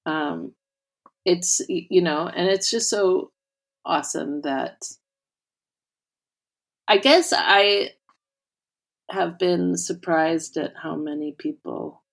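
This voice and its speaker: A woman's voice: low voice, animated, slow, vocal fry, long pauses. A woman co-hosting a podcast, chatting casually and rambling with many fillers. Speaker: podcast co-host. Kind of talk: casual chat.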